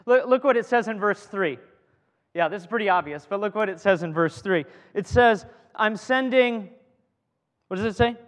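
A man preaching a sermon to a congregation in a lively, joking way, often repeating his words as he builds a point. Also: high voice, normal speed. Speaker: pastor. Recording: long hall reverb.

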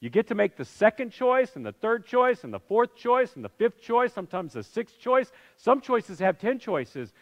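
A middle-aged man preaching through a personal story, swinging between loud bursts and hushed, low lines. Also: very animated, normal speed, hardly any pauses. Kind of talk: sermon storytelling. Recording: reverberant hall, dull sound.

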